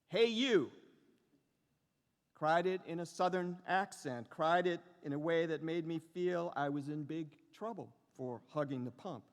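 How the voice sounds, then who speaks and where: A middle-aged man giving a lecture as a professor, speaking slowly and reflectively with lyrical repetitions and pauses. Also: fairly high pitch. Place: large lecture hall. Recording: long reverb of a large hall.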